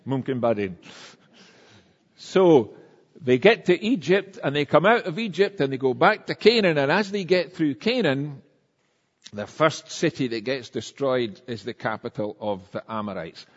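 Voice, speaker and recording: A man's voice: on the high side, normal speed. Man preaching in a reverberant hall. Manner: conversational, animated storytelling with acted-out quotes. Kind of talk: sermon. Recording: dull sound with long reverb in a church hall.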